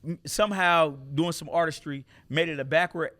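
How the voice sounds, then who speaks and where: A man, a comedian, telling stories in a casual interview, animated and laughing, shouting at punchlines and dropping low and quiet when reflective. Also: normal speed. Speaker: comedian guest.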